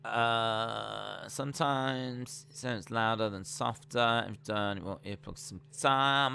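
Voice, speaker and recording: A man's voice: on the low side, slow, creaky, hardly any pauses, pushed and bright, smooth. A man hosting a casual wrestling watch-along stream, chatting and reading out viewer comments. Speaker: live stream host.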